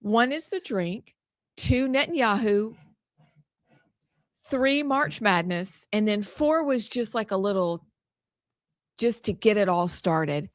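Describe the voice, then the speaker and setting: A woman co-host with a teasing, jokey way of talking, her pitch in the middle range. The sound is dry and close to the mic. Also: animated, slow, long pauses, no room sound. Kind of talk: casual political talk show chat.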